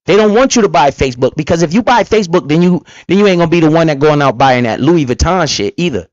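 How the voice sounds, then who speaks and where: A man in the middle of a heated reaction rant, swearing and preaching about money. His voice sits a little high. It is recorded close and dry on a slightly dull, lo-fi mic. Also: animated, fast, no echo. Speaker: finance commentator reacting to a clip. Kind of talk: fired-up reaction commentary.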